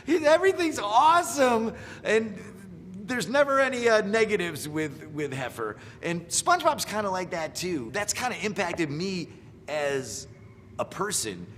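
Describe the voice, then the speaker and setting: A man's voice: high voice, sing-song, unhurried, a bit bright, big-room sound, slight background noise. A middle-aged man, a voice actor, giving wry, playful commentary on impressions of his characters. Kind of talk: casual reaction commentary.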